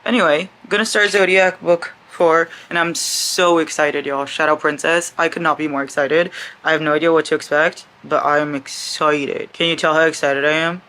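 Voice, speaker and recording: A woman's voice: sits low, normal speed. Gushing young woman with a lilt. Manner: animated, gushing, swears freely. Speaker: book vlogger. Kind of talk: casual book vlog chat. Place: home at night.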